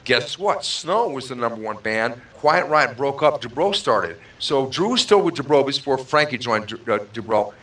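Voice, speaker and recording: A man's voice: medium pitch, animated, moderate pace, hardly any pauses, fairly bright tone, far from the mic. A man, a guest drummer, reminiscing in casual talk, reflective and repeating himself as he thinks. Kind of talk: casual storytelling.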